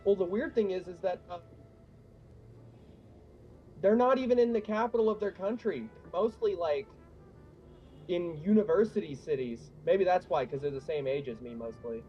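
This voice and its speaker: A man's voice: high-pitched, normal speed, long pauses, muffled recording, faint music behind. A young man chatting casually with friends during a game, wry and fond of telling stories. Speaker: gamer in voice chat. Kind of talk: casual chat.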